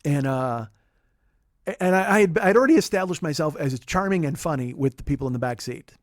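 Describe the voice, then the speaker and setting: A comedian in his forties hosts his podcast with a sarcastic, profane storytelling manner. His voice sits high and his words tumble out fast, close on a dry mic with no room sound. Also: lively intonation, no echo. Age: 40s. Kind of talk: comic storytelling monologue.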